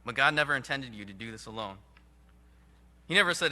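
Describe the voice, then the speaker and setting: A man preaching a sermon in an earnest, emphatic way, with sudden rises and hushed drops. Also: medium pitch, lively intonation, brisk. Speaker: pastor.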